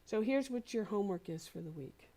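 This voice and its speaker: A woman minister giving a sermon, gentle and encouraging, slowly repeating phrases for emphasis. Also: medium pitch, animated. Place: spiritual community center.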